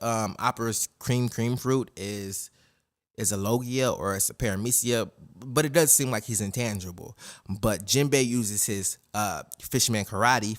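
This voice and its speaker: A man giving a casual, excitable, profane recap of an anime episode as a reviewer. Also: on the low side.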